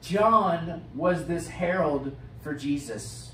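A man with an American accent, a pastor preaching a sermon with expressive swings from loud to hushed. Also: on the high side, slow pace. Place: church sanctuary. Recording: roomy church sound from a distant mic, faint hiss.

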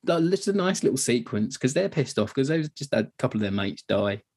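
Chatty male podcast host, husky voice. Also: medium pitch, very animated, brisk, a little mellow. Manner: chatty, laughs, acts out quoted dialogue. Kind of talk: casual film discussion.

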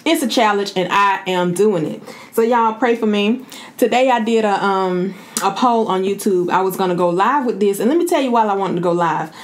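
A woman hosting her own vlog, chatting casually and informally with her viewers. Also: mid-range voice. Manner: chatty, informal, often addresses viewers as y'all. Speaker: vlogger host. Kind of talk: casual chat to camera.

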